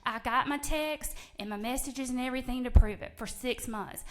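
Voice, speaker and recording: A woman's voice: high voice, normal speed. A middle-aged woman giving an angry, emphatic public comment as a resident.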